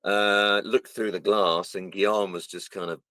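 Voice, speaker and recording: In a casual interview, this male voice actor, whose voice is on the low side, talks a little slowly about his work, bringing his stories to life by acting out lines. The recording is close and dry, with no room sound.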